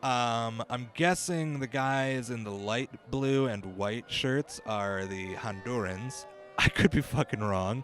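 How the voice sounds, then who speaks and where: A man's voice: mid-range voice, slow pace, fairly bright tone. A young man hosting a comedy podcast, rambling through a bumbling, self-deprecating mock field report with the odd swear word.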